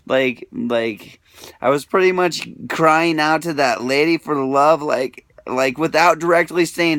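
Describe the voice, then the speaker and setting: A man's voice: fairly high pitch, measured pace, fairly bright tone, no echo, studio quality. A young man telling a rambling, emotional personal story, full of filler words, swinging between mumbling and crying out. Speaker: vlogger.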